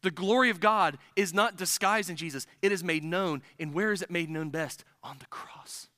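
Male preacher, earnest and emphatic, bright and close-miked. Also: fairly high pitch, no echo. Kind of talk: sermon. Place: church.

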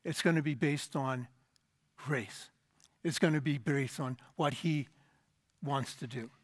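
A man preaching a sermon, explaining a scripture passage emphatically and dropping to a low, quiet voice at the end of phrases. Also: slow pace, no room sound, clean studio sound.

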